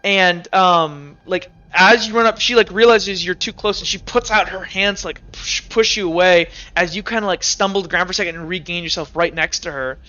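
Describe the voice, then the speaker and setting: A man's voice: high voice, a little fast, hardly any pauses, sharp tone, dull audio. A man narrating as game master of a tabletop game, rambling with lots of fillers. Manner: rambling, filler-heavy narration with frequent restarts.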